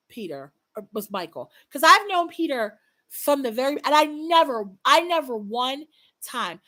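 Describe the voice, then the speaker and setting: A young woman talks straight to her livestream audience in a loose, unscripted way. Her voice sits a little high, and she is blunt and swears freely. She often stops and restarts her sentences. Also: lively intonation, normal speed, a bit bright. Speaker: livestream host. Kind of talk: casual livestream chat.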